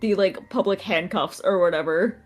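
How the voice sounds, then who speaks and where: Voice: medium pitch, normal speed. Co-host, mid-range voice, dry teasing, casual stream chat, faint music.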